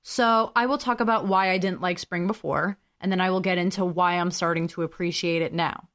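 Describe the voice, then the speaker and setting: A woman's voice: lowish voice, a little fast, a bit bright. Young female podcast host, chatty and self-deprecating, casual solo talk with frequent apologies.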